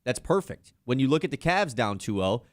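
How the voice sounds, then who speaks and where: A man talks sports on a radio show in a lively, casual back-and-forth. His voice sits at an ordinary pitch. It is close and dry, with no room sound. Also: brisk, no echo. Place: radio studio.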